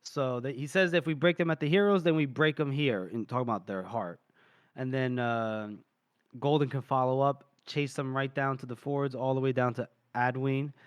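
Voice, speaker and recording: A man's voice: mid-range voice, moderate pace, clean tone, no room sound, studio quality. Man animatedly retelling a book chapter. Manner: animated retelling, briefly acting out characters' lines. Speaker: podcast co-host. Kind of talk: casual book discussion, retelling scenes.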